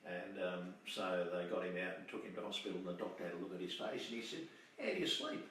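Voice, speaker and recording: A man's voice: low-pitched, little pitch movement, fast talker, fairly bright tone. An older Australian man telling rambling, chatty anecdotes and laughing at old memories. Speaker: storyteller. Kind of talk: casual reminiscing. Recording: distant mic in echoey room, faint hiss.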